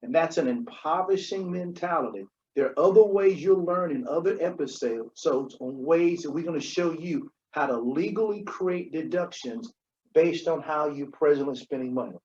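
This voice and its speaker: A man co-hosting a podcast, his voice on the higher side for a man. He explains money matters emphatically, repeating key points and checking in with the listener. The recording sounds dull and lo-fi. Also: lively intonation, moderate pace, darkish tone. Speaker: podcast co-host. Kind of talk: conversational financial advice.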